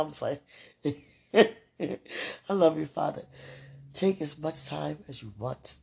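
A woman's voice: low-pitched, animated, measured pace, gravelly, pauses often, dark tone, breathy edge. A woman hosting a podcast, talking casually and directly to her partner, laughing often. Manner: chatty, laughs often, talks straight to the listener. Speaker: podcast host. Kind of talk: casual monologue addressed to a partner.

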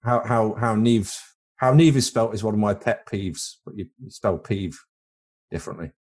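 British guy on a podcast, lowish voice, rambly and crude, jokes pile up. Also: moderate pace, a little mellow. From Britain. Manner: rambling, crude comic tangents. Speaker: podcast co-host. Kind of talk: casual chat.

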